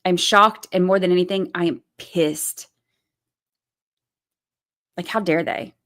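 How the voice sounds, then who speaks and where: A woman's voice: fairly low pitch, takes it slowly, fairly bright tone. A woman hosting a livestream, giving heated commentary in blunt, profane language and repeating her points for emphasis. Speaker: channel host.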